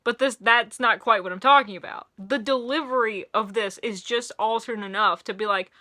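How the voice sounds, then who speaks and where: A young woman with a Middle Tennessee accent, animatedly reviewing music in a casual video and laughing often. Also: on the high side. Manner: animated, laughing, quick bursts of excitement.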